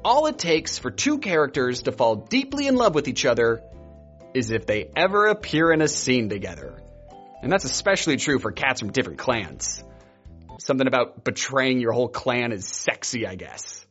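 A man giving a wry, sarcastic, animated comedic book recap as a YouTuber. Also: medium pitch, normal speed, lo-fi sound, faint music behind.

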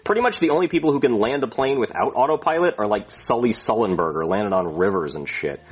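A man's voice: on the low side, animated, fast, slightly rough. A man voicing a reckless, crude male airline pilot who rambles and brags, in muffled lo-fi audio. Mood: boastful. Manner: rambling, crude, cheerfully boastful.

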